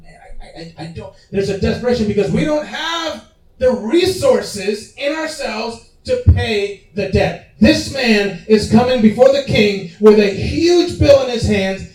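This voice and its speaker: A male pastor preaches to his congregation in a high, lively voice that swoops up and down. He talks in a conversational way and keeps asking the room questions, and he sounds roomy and a little distant, as if picked up from across a church. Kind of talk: sermon. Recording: roomy hall, mic at a distance.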